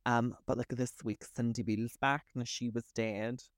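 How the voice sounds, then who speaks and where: A man from Britain co-hosts a casual podcast, talking bluntly and swearing freely. His voice sits at a middle pitch and is recorded close on a podcast mic with a dry, roomless sound. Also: little pitch movement, moderate pace, no echo. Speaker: podcast co-host. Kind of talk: casual chat.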